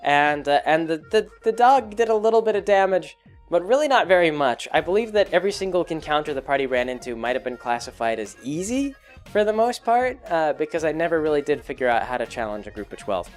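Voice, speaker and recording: Man, game master, casual chat, rambling, somewhat high voice. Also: lively intonation, a little fast, faint music behind. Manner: rambling, full of fillers and restarts. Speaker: game master recounting a campaign.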